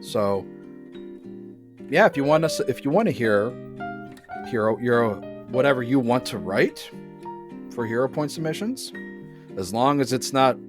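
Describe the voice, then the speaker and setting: A man, narrating a tabletop game as game master in a casual, halting way with many restarts. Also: medium pitch, expressive, music in the background.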